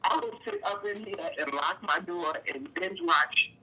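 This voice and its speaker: A woman's voice: fairly low pitch, a little slow, sharp tone, slightly rough, poor audio. A woman calling in to an advice show over the phone, chatting casually. She is effusive and profane and talks freely. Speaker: caller. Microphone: phone call.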